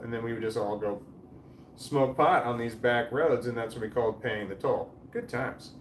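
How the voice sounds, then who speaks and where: A man's voice: mid-range voice, a little fast. A man in his forties hosting a home livestream, chatting in a rambling way, trailing off and swearing casually as he reads viewer comments. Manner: meandering, trails off mid-sentence, swears casually. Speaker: livestream host reading chat. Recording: roomy, distant mic with faint background noise.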